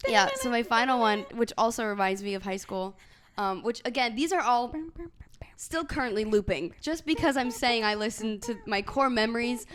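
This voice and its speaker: A woman's voice: a little high, moderate pace, noisy background. A young woman co-hosting a podcast, chatting casually with friends, full of fillers and laughs. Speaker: podcast co-host. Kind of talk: casual chat.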